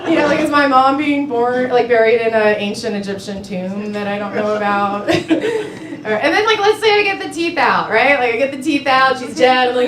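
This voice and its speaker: A woman's voice: sits high, expressive, normal speed. Chatty young woman doing stand-up in a club. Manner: chatty, self-mocking, laughs at her own jokes, many "like"s. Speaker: stand-up comedian. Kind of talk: stand-up comedy set. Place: small club stage with audience. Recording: echoey club with crowd noise. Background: audience laughter and chatter.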